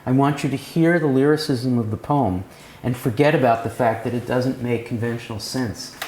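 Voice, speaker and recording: A man with a mid-range, slightly mellow voice speaks at a moderate pace as he leads a poetry seminar, lecturing and posing questions to the group. They meet in a cafe room, and the recording has a roomy sound with faint background noise.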